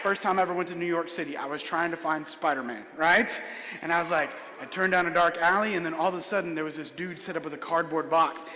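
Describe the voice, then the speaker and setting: A man's voice: a little high, fast talker, bright, forceful tone, slight background noise. A man performing a comedic magic show in a church hall, playfully joking with and coaxing a child volunteer. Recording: echoey hall.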